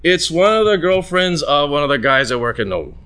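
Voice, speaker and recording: A man's voice: brisk, smooth. A man hosting a show, telling a long anecdote in casual chat and acting out the people in it. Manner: animated, acts out quoted voices with big jumps in pitch. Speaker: radio show host.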